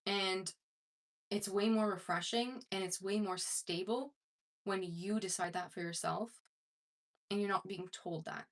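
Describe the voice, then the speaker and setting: Speaking a little slowly in a steady, medium-pitched voice, a self-improvement coach talks informally to her viewers on camera. Her delivery wanders, with many fillers and restarted thoughts.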